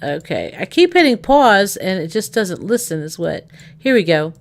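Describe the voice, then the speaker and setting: A woman's voice: mid-range voice, big pitch swings, normal speed. Chatty rambling woman streamer. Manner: rambling and chatty, thinking out loud with many fillers. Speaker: livestream host. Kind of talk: casual stream chat.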